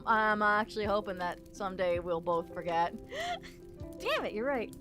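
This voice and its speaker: A young woman streaming live, chatting casually and rambling, laughing often and sometimes breaking into shouts. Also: mid-range voice, expressive, moderate pace, over music. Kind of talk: casual livestream chat.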